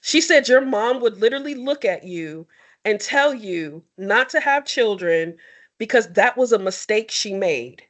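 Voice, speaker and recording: A young adult woman sharing personal stories in a candid, expressive and sometimes tearful conversation. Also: medium pitch, a little slow. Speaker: podcast co-host. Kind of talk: emotional heartfelt conversation.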